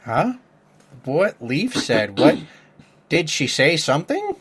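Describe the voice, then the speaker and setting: A man's voice: on the high side, wildly swooping pitch, takes it slowly, pauses often, fairly bright tone, husky. A man playing a game and trying out character voices, chatting casually in a self-deprecating way.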